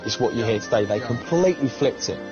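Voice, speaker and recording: A man's voice: medium pitch, fast. A man, a pop singer, telling stories in an interview and acting out the scenes with animation. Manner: animated storytelling, acts out scenes. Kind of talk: documentary interview. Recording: dull TV audio with music.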